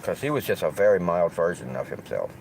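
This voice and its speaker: A man's voice: sits low, sing-song, brisk, vocal fry, darkish tone, a little hiss or hum, rough recording. A man with a Southern US accent rambling through a casual livestream monologue, cursing heavily as he talks. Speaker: streamer host.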